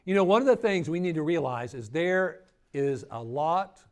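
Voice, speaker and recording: A man's voice: a little high, lively intonation, normal speed. A middle-aged man preaching a sermon at a church grief workshop, teaching with rhetorical questions to his audience. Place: church hall.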